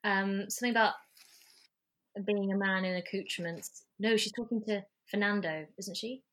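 Speaking at medium pitch and a moderate pace, an English actor appears on a podcast via remote call from her London home. She's chatty in this relaxed conversation, spinning animated anecdotes full of filler words.

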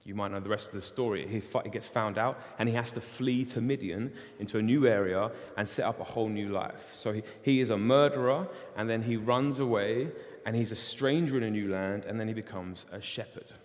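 Casual preacher in an echoing hall. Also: male voice, lowish voice, brisk. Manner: casual, storytelling, animated. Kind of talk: sermon. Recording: long hall reverb.

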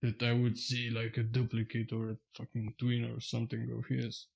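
A man's voice: medium pitch, completely flat delivery, normal speed, vocal fry, a little mellow, close to an everyday voice. Man playing polite, formal big adventurer Nibel. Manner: formal, deferential, says "sir".

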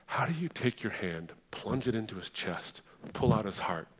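Passionate guy from the middle east telling his testimony, lowish voice, gets hushed then fiery. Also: very animated, moderate pace, a little hiss or hum. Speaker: speaker giving a testimony. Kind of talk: sermon-style personal testimony.

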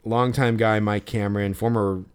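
A man's voice: lowish voice, fairly even intonation, moderate pace, smooth. A man hosting a podcast, telling a story in a rambling way, with many fillers and restarts. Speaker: podcast host. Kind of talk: casual podcast chat.

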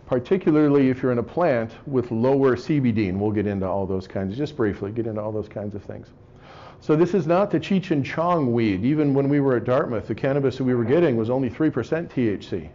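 A man giving a wry, joking lecture to a live audience, often clearing his throat. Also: medium pitch, warm tone. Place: room with an audience. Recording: slightly dull lo-fi recording.

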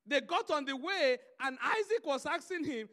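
A man's voice: very high-pitched, lively intonation, normal speed, fairly bright tone. A man preaching a sermon, telling stories and driving his points home through emphatic repetition.

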